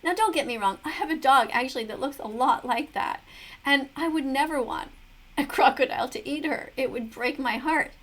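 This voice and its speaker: A woman's voice: high voice, moderate pace, fairly bright tone. A middle-aged woman giving preachy, earnest commentary on a video, full of rhetorical questions. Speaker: vegan commentator reacting to a video. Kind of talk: casual commentary to camera.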